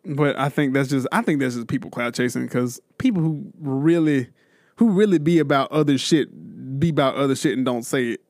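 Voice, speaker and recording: A man's voice: mid-range voice, fairly quick, darkish tone, no echo, clean studio sound. A man co-hosting a podcast, telling blunt, joking stories in casual banter. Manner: laid-back, blunt, joking storyteller. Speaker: podcast co-host.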